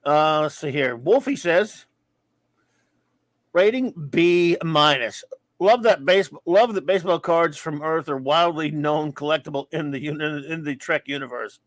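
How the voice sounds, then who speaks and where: Man, live-stream host, casual rambling chat, stumbles and restarts, slightly high voice, dry close sound. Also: no room sound. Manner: rambling, stumbling, self-correcting with quick laughs. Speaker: podcast host reading listener reviews.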